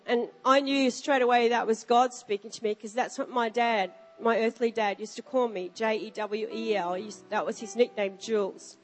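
A woman's voice: on the high side, fairly quick, few pauses. A middle-aged woman preaching a sermon to a live congregation, telling a story with emphatic animation before reading scripture aloud. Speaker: pastor. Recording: reverberant hall with faint music.

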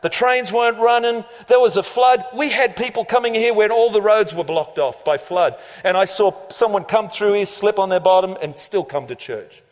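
A man preaching a lively, joking sermon as pastor of a church, laughing often and building to loud climaxes. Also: high voice, normal speed, few pauses. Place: church auditorium. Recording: long reverb of a large hall.

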